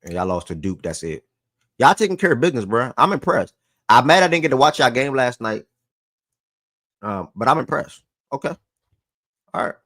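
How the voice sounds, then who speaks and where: A man's voice: medium pitch, very animated, normal speed, long pauses, a bit bright, no echo. A man hosting a sports talk show in a loose, slangy way, repeating phrases for emphasis and getting worked up.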